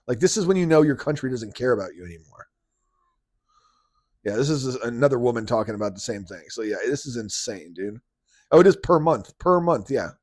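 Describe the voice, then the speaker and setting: A man's voice: mid-range voice, a little mellow, dry recording, clean studio sound. A man hosting a podcast, ranting in casual commentary and sounding incredulous as he reacts. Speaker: podcast host.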